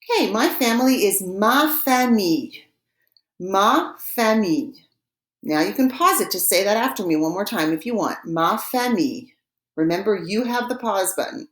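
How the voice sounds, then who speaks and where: A woman teaching a recorded vocabulary lesson, patiently giving each word and repeating it slowly for practice. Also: medium pitch, expressive, reverberant. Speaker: French teacher.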